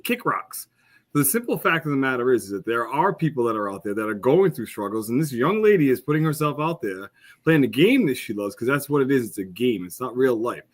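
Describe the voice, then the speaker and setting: A man's voice: medium pitch, very animated, a little fast. Man ranting bluntly on a podcast. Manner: impassioned ranting, blunt and profane. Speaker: podcast co-host. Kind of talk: casual podcast discussion.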